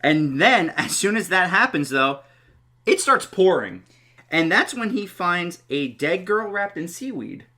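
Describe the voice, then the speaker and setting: During a casual film review conversation, a man co-hosting a podcast walks through a horror movie's plot in simple, easygoing terms. His voice sits high and is very animated, pushed and bright, yet he takes his time.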